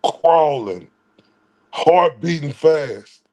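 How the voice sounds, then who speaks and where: Guy on a stream, talks slow n keeps repeating himself, high voice. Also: animated, dark tone. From Texas. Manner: preachy, repeats phrases, swears. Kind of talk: live-stream commentary.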